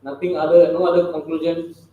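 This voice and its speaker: A scripture teacher speaks briskly in a slightly high voice with little pitch movement, and the audio sounds narrow and tinny. He lectures casually, constantly asking rhetorical questions of the audience, amid strong echo and faint noise.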